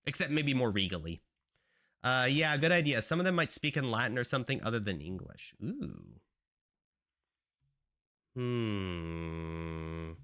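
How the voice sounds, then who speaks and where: A man's voice: lowish voice, lively intonation, a little slow, long pauses, fairly bright tone. A man streaming as a game developer, chatting casually and rambling with lots of fillers. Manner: rambling, filler-heavy talk. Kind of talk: casual live-stream chat.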